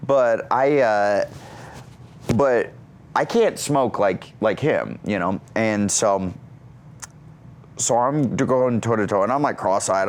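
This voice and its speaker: A man in his thirties, an actor and comedian, telling stories in an interview with lots of energy and self-mockery, jumping up high for quoted lines. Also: takes it slowly, long pauses. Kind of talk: animated storytelling in an interview.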